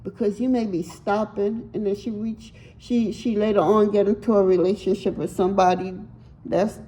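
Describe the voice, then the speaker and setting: A woman's voice: mid-range voice, mellow, a little hiss or hum, poor audio. A woman giving a casual tarot reading to her viewers, speaking bluntly and emphatically, swearing freely and repeating words as she searches for them. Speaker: tarot reader.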